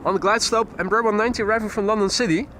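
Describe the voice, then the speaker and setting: A man's voice: high voice, fairly even intonation, very fast, pushed and bright, a little hiss or hum. A man hosting a live plane-spotting stream, giving jokey, chatty commentary and often laughing. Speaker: plane-spotting livestream host. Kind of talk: live commentary and reading chat aloud. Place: outdoors at an airport spotting spot.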